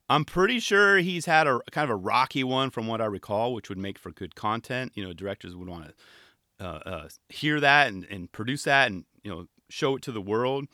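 A man hosting a podcast in casual, rambling chat, animated and self-deprecating. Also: mid-range voice, dry recording, studio quality. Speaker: podcast host.

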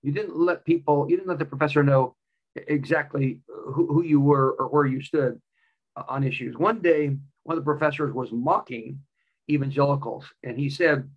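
A man's voice: on the high side, normal speed, lo-fi sound. A male preacher delivering a sermon with a personal story, emphatic and repeating key phrases.

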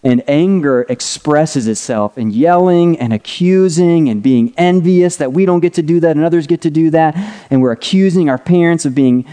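A man's voice: on the high side, normal speed, dark tone, clean tone. A middle-aged man preaching a conversational teaching sermon, drawing a diagram on a board as he talks and often checking in with "right?" and "okay?". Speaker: pastor.

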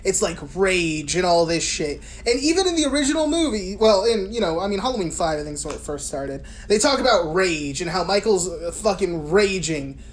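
A woman's voice: fairly low pitch, animated, brisk, hardly any pauses, a little hiss or hum. A woman co-hosting a casual film podcast, swearing freely and laughing as she recaps scenes. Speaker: podcast co-host.

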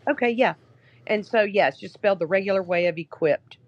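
A woman with a medium-pitched, slightly rough voice speaks at a moderate pace, recorded without echo but with the highs cut off. She's an app founder appearing as a podcast guest, telling a story in a casual, chatty way packed with fillers like "you know."

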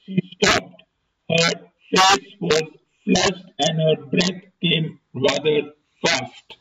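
A man reads a story aloud at a slow, deliberate pace in a fairly high voice. He sounds off-mic, with a dull, muffled tone and a clear hiss underneath. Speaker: podcast host and reader. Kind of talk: audiobook-style reading aloud. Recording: distant, muffled, noisy recording.

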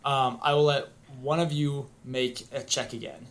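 A man's voice: medium pitch, level tone, a little slow. A man running a tabletop game as game master, narrating in a rambling way with many ums and uhs.

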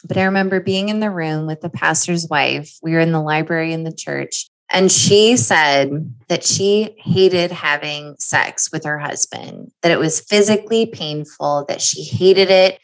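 A woman's voice: sits low, measured pace, few pauses, poor audio. A woman guest on a podcast, speaking in candid casual conversation, earnest and heartfelt.

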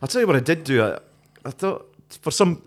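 A man's voice: fairly high pitch, animated, fairly quick. A Scottish man, a podcast co-host, chatting casually, hesitant with many restarts and easy laughs. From Scotland. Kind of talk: casual chat.

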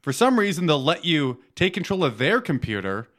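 A man's voice: fairly high pitch, sing-song, moderate pace, a bit bright. Profane rambling male podcast host. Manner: rambling storytelling, swears freely. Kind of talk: casual profane podcast chat.

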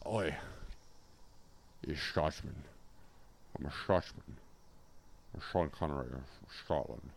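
A man putting on a crude, boastful Scotsman in a low, growled fake Scottish accent. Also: slow, gravelly, long pauses, heavily acted. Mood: crude boasting. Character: crude boastful Scotsman, Sean Connery impression.

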